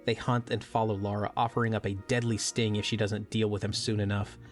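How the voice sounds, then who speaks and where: A man co-hosting a podcast, reading a measured, wry scripted recap as the narrator. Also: lowish voice, little pitch movement, soft background music.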